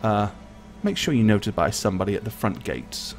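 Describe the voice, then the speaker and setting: A man voicing a calm, menacing male pursuer who gives quiet orders. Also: fairly low pitch, brisk, soft background music, pitched below the performer's own voice. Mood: cold menacing. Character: cold, calculating male pursuer with a sword.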